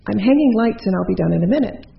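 A woman voicing an odd grown man who is hanging lights and calmly says strange things. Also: mid-range voice, fast, vocal fry, dull audio. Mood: matter-of-fact.

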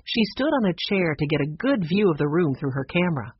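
A narrator reading a children's mystery story aloud in a steady, expressive way. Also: medium pitch, a little fast, husky, no room sound. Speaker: audiobook narrator. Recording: dull, slightly lo-fi dry recording.

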